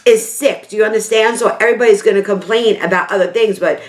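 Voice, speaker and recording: Speaking quickly in a mid-range voice with fairly even intonation, a middle-aged New York woman who does beauty vlogs rambles heartfelt and emotional to camera. She repeats herself for emphasis, and the room echoes.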